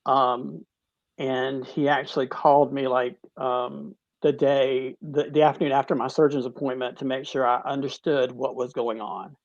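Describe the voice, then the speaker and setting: A middle-aged man, a teacher, tells his cancer story in an interview, halting and restarting, choked up at times. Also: mid-range voice, level tone, no room sound, dull audio. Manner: halting, with many restarts, tearful at moments. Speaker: guest, cancer survivor. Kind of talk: emotional personal story in a talk-show interview.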